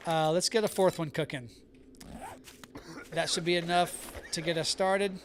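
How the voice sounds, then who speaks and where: A man's voice: a little high, fairly even intonation, unhurried, long pauses, noisy background. Chatty man streaming a game live. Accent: neutral American, Southern only when angry. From American South. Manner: chatty, answers chat while playing. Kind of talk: live gameplay chat.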